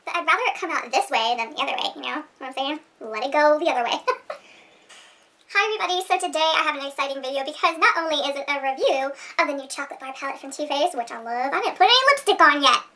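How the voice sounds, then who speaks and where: Super high pitched lady doing a makeup vlog, rambly and giggly, kinda far off the mic. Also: expressive, fast talker, bright, forceful tone. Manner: giggly, rambling, talks to viewers. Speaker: beauty vlogger. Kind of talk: casual makeup tutorial chat.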